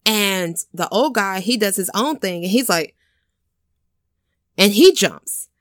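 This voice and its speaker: Woman, casual chat host, lively retelling, dry sound. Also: mid-range voice, slow, dry recording. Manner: animated storytelling with swearing and acted-out quotes. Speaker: podcast co-host retelling a film.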